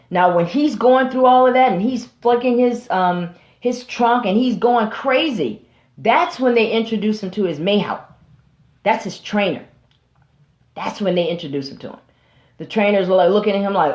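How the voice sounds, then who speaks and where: A woman's voice: mid-range voice, expressive, normal speed, darkish tone. A woman hosting and preaching, emphatic and rhetorical, speaking straight to her listeners. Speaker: host and preacher. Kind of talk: preaching to an audience. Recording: roomy, slightly dull recording.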